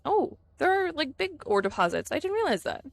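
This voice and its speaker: On her game stream, a woman whose first language is English chats and laughs easily with viewers, chatty, giggly and easily distracted. Her high voice has big pitch swings and vocal fry, she talks fairly quickly, and the recording is dry.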